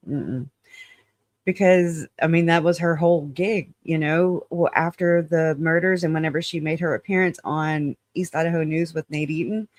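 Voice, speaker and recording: A man's voice: a little high, no echo, clean studio sound. A man hosting his channel in casual livestream chat, frank and rambling, often laughing and hedging claims as alleged. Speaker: channel host.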